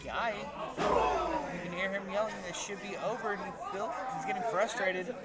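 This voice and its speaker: High-voiced male wrestling commentator. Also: moderate pace, over loud music. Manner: excitable, storytelling. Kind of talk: play-by-play commentary. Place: wrestling event venue. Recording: loud crowd all around. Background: loud crowd.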